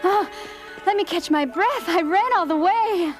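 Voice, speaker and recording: Meg, a dreamy excitable girl. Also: very high voice, measured pace, faint music behind. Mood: excited. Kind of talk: dubbed cartoon acting.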